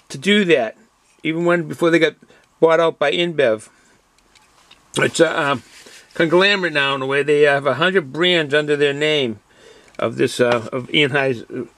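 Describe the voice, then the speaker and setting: A man's voice: on the high side, a bit bright. A man with a Boston accent reviewing a beer in casual, rambling talk with many fillers and restarts.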